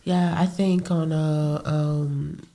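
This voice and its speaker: A woman, a therapist co-hosting a podcast, talking calmly and thoughtfully, often saying "you know.". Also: deep voice, takes it slowly. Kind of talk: casual chat.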